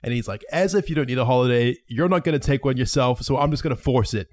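Swearing young podcast host. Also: male voice, medium pitch, fast, a little mellow, no room sound, clean studio sound. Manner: swears a lot, laughs while telling stories. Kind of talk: casual podcast chat with friends.

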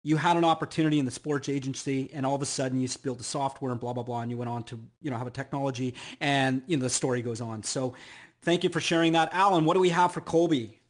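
A man's voice: medium pitch, fairly even intonation, quick pace. A man hosting an interview, encouraging his guest with rambling, filler-heavy remarks. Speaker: podcast host.

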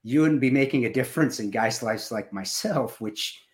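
A man in his fifties co-hosting a podcast, talking emotionally and haltingly with many restarts. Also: medium pitch. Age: 50s. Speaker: podcast co-host. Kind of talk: casual podcast chat.

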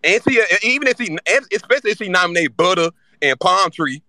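Man guest, bright forceful voice, fast irritated rant, swears freely. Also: high-pitched, expressive, no room sound. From Louisiana. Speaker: live-stream guest speaker. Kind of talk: casual fan chat.

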